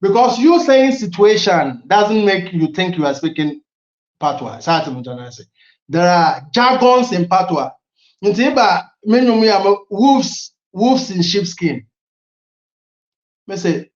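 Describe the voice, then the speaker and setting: In a reverberant, muffled recording, a middle-aged Ghanaian man with a high voice talks at a moderate pace. He has a Ghanaian accent and, as a guest in a relaxed interview, spins animated stories, blends languages, and laughs frequently.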